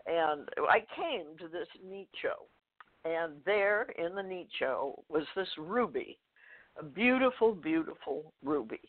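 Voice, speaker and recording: An older woman, a guest author, telling a personal story in a phone interview, halting, with fillers, restarts and soft laughs. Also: lowish voice, animated. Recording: tinny phone line.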